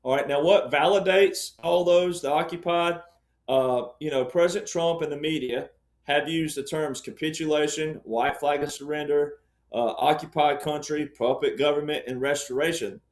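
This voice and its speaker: A man's voice: fairly high pitch, fairly even intonation, moderate pace. A man with a somewhat raised voice, laying out an argument as a panel guest. He lectures and repeats phrases for emphasis. The sound carries a roomy echo. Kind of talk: emphatic panel-show explanation.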